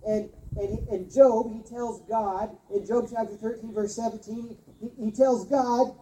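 A woman pastor giving a sermon, earnest and emphatic, often repeating words and pausing. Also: a little high, steady tone, warm tone, distant mic. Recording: roomy sound from off-mic.

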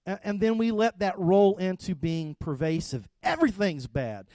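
Middle-aged preacher guy, high-ish voice, chatty sermon, dry close sound. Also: normal speed, hardly any pauses, no echo. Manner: conversational, storytelling, rising to loud animated retelling. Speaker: pastor.

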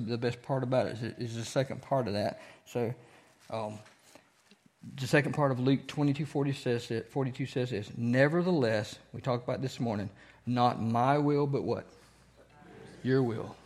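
A man's voice: mid-range voice, a little mellow. A man teaching a church Bible study, asking the group questions and repeating key phrases.

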